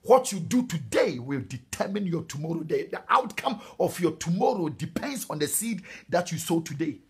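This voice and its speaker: A middle-aged Ghanaian man preaching a sermon, emphatic and animated, with sudden high exclamations. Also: slightly rough. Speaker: pastor.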